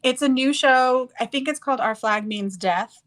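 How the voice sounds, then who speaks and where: A woman's voice: high voice, moderate pace, a bit bright, poor audio. Rambling, chatty woman doing makeup. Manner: rambling, searching for words. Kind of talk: casual chat while doing makeup.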